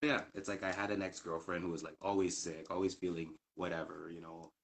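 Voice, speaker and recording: A man's voice: low voice, little pitch movement, fairly quick. A man in casual conversation, rambling and hesitant with many fillers and restarts. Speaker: guest.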